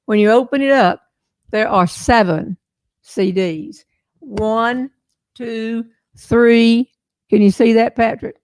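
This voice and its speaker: A woman's voice: fairly high pitch, takes it slowly, long pauses, darkish tone, no room sound. An older woman with a Southern American accent, chatting folksily with viewers as host of a casual livestream. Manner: folksy, chatty storyteller, laughs often.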